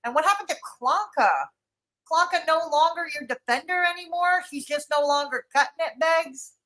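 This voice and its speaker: A woman's voice: very high voice, normal speed, a bit bright, poor audio. A woman streamer giving blunt, mocking reaction commentary on a livestream.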